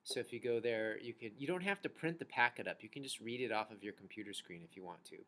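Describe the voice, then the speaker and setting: A man's voice: on the low side, fast talker, bright, forceful tone. Patient man teaching a kids' music lesson. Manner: patient, encouraging, chanting rhythm syllables. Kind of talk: recorded online music lesson for children.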